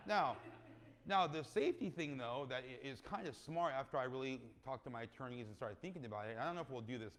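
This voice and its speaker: A man talking casually in an interview as a real estate investor, animated and storytelling, acting out quoted people and ending many sentences with "right?". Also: mid-range voice. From California.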